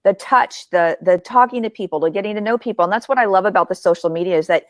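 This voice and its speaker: A woman's voice: medium pitch, fast, no room sound. Emphatic woman host on a call. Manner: emphatic, lively, plainspoken. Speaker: association CEO and host. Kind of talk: casual interview chat.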